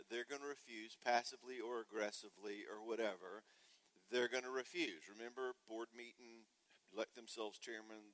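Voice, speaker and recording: A man's voice: mid-range voice, low-quality recording. A man from the United States giving a humorous parenting talk at a church conference, joking and acting out kids and parents. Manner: joking, animated, does voices of kids and parents. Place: church hall.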